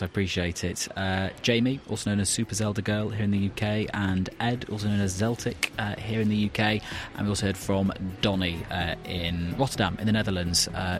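A man hosting a radio show, thanking guests and signing off in a relaxed way. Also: deep voice. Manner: relaxed, friendly wrap-up. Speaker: radio host. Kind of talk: programme sign-off. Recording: music bed behind voice.

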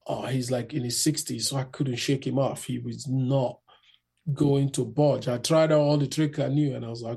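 A man telling a rambling, animated story in a casual interview, acting out the people in it. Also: mid-range voice, moderate pace, creaky, breathy edge. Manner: rambling, animated, acts out the people in his stories.

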